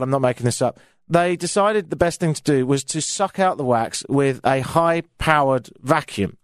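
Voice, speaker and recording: Animated British man telling a story. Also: on the high side, dry recording, studio quality. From Britain. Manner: self-mocking, animated storytelling. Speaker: radio show host. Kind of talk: comic storytelling monologue.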